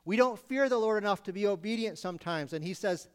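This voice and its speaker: A man preaching a sermon, acting out pleading voices with sudden loud bursts. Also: high-pitched, fast, smooth.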